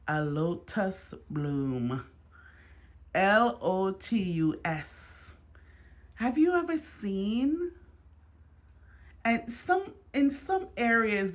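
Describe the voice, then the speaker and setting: Speaking to camera in her dining room, a home decor vlogger with a Jamaican accent and mid-range voice keeps things casual, often repeating herself and bursting into excited exclamations.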